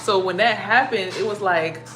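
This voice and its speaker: A young woman telling a story to her viewers in a casual, profane and animated way, acting out her own startled reactions. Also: mid-range voice, normal speed, a little hiss or hum. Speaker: spiritual vlogger.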